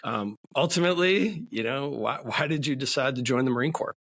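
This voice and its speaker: A man's voice: mid-range voice, a little fast, a bit bright. A middle-aged man with a New England accent hosting a podcast interview, upbeat and folksy, calling his guest "brother". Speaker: podcast host. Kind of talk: casual interview chat.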